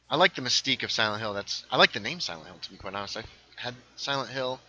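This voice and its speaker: A man with a very bright, sharp voice talks his way through a game livestream. He rambles from one thing to the next and reads viewers' comments out loud as he plays. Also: lowish voice, low-quality recording. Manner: rambling, reads chat aloud, quick asides. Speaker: livestream host playing a game. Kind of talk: casual gaming livestream chat.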